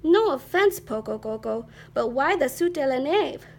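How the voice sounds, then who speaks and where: A woman's voice: high-pitched, lively intonation, normal speed, a little mellow, slight background noise. A woman voicing a big, grand male chihuahua leader who explains in an expansive way. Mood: curious.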